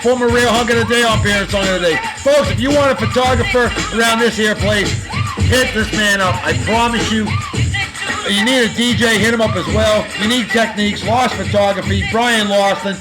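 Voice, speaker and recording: Boisterous high-voiced New man. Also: fairly even intonation, brisk, over loud music, a loud crowd. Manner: boisterous, hyped-up, shouty slang-laden praise. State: short on sleep. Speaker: vlog host. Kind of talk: casual beer-tasting vlog with shout-outs.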